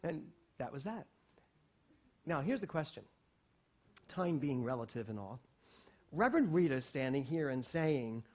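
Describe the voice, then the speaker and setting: A male pastor giving a sermon, telling a personal story in an animated way and acting out the people in it, with laughs between lines. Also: medium pitch, normal speed, pauses often. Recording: dull lo-fi recording.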